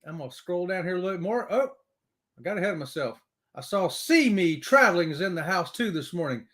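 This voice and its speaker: A man's voice: high-pitched, lively intonation, a little fast, a bit bright. A man hosting a casual live stream, greeting viewers by name and reading their comments aloud in an upbeat, whooping way.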